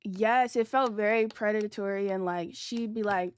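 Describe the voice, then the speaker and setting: Speaking at a moderate pace in a clear, resonant tone, a young adult streamer relates a story to her livestream audience. Her casual, profane slang is thick with "like," and when she quotes people she jumps sharply in pitch and volume.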